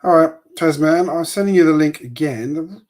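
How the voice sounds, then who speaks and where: A man's voice: on the high side, moderate pace, a little mellow. A man with an Australian accent hosting a live building stream, chatting casually and rambling with filler words.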